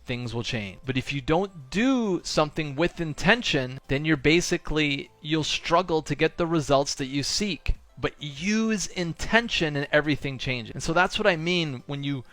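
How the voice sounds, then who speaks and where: A man's voice: fairly high pitch, no echo. A man telling a personal story in a casual monologue, acting out the other people's lines and using lots of "like" and "right?". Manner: animated storyteller acting out dialogue; frequent fillers like "like" and "right?". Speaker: spiritual coach and channel host.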